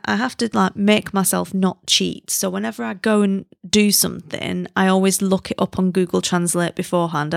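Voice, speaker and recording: A British woman talking in a relaxed, chatty way, quick to poke fun at herself. Her voice has a gravelly, fry-tinged texture, and the recording is close and dry with no room sound. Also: medium pitch, no room sound. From Britain. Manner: chatty and self-deprecating, laughs at herself. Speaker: podcast host. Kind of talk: casual chat.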